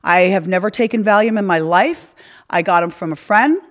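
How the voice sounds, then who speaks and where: Woman, podcast host, blunt and swearing, animated candid storyteller. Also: medium pitch, brisk. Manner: rambling with restarts and quoted dialogue.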